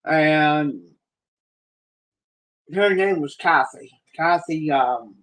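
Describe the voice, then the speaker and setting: A middle-aged man telling a rambling, folksy story on a live stream, with pauses and restarts. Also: on the high side, fairly bright tone, low-quality recording. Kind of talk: casual spoken storytelling.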